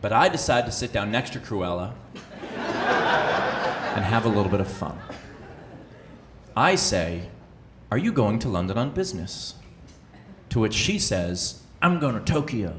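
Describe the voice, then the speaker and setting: A man performing stand-up comedy, telling a story in an animated way that sometimes breaks into shouted outbursts. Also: fairly low pitch, a little slow, pauses often, background noise. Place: comedy club stage. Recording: roomy live club sound with audience.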